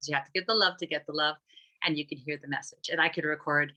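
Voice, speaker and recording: Low-pitched woman explaining her app. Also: fairly even intonation, fast talker, pushed and bright, poor audio. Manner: rambling, many restarts and fillers. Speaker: app founder, guest. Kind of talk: conversational explanation.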